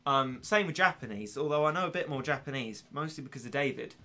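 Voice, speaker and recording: A man's voice: mid-range voice, expressive, fast, bright, forceful tone. Chatty English man streaming a game. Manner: rambling, self-deprecating, laughs often. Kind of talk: casual gaming commentary.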